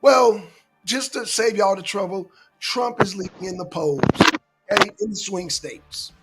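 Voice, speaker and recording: A man's voice: high voice, a little slow, loud music behind the voice. A man hosting a casual political commentary show, lecturing his listeners emphatically and swearing often.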